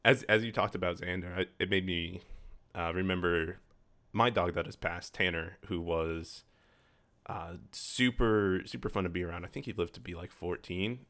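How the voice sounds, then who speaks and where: A man co-hosting a casual podcast, answering with short, easygoing remarks and remembering things slowly. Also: low-pitched, steady tone, fairly bright tone. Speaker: podcast co-host.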